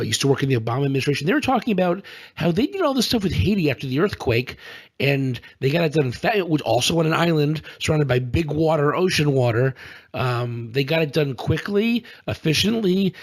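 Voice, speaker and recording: Man, podcast co-host, exasperated and sarcastic, fairly high voice, lots of ums. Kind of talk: casual political chat.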